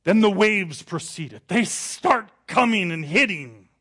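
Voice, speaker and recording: A man preaching a sermon, telling the story with dramatic rises, then turning quiet and confessional. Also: sits high, expressive, measured pace, slightly rough. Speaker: pastor.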